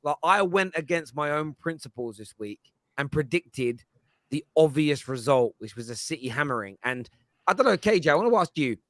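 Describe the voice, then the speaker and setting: Bright-voiced jokey host, man. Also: a little high, expressive, moderate pace, no echo. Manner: jokey, chatty storytelling. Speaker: show host. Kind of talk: casual chat.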